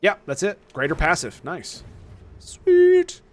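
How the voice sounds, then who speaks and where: A man streaming a video game, rambling with excited, profane commentary. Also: a little high, moderate pace, faint music behind. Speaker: gaming streamer. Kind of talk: casual gameplay commentary.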